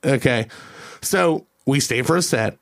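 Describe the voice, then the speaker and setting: A man's voice: mid-range voice, lively intonation, measured pace. A man, hosting a podcast and telling a profane, exasperated story in casual chat. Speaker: podcast host.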